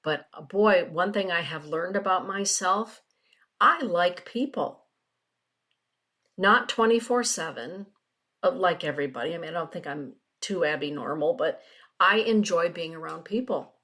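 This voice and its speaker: A woman's voice: fairly low pitch, animated, measured pace, a bit bright. A middle-aged woman, a spiritual teacher, chatting casually with viewers and reading oracle card passages. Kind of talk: casual webinar chat.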